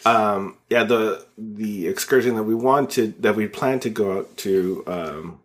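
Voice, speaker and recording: A man's voice: on the low side, takes it slowly. A young man co-hosting a podcast, in casual chat, a little wheezy, rambling with restarts and easy laughs. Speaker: podcast co-host.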